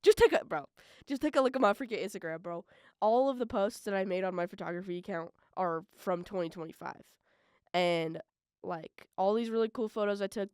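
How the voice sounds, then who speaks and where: A young woman hosting a college radio podcast, chatting casually and rambling with lots of fillers, swinging between loud bursts and mumbled asides. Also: mid-range voice, smooth, no echo, clean studio sound. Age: young adult. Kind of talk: casual solo podcast chat.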